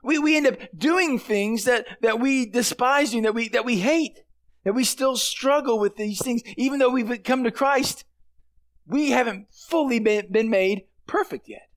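A high-pitched male pastor delivers a sermon. He keeps it conversational and earnest, and he lands hard on the words he wants to stress. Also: measured pace.

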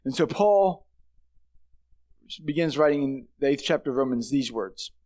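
A man's voice: mid-range voice, lively intonation, moderate pace, pauses often, a little mellow. A man, a pastor, giving a sermon in an earnest, conversational way with emphatic stresses.

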